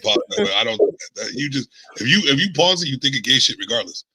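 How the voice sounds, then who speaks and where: A man's voice: mid-range voice, very animated, fast, sharp tone, poor audio. A man on a debate panel, blunt and dismissive, swearing freely as he argues. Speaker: panel guest.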